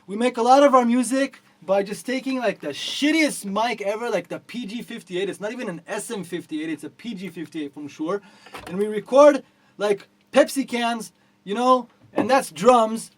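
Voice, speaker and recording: A man giving a ranting product review. He talks loosely with many fillers and restarts, and he swings between low mutters and profane, exasperated outbursts. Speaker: gear reviewer.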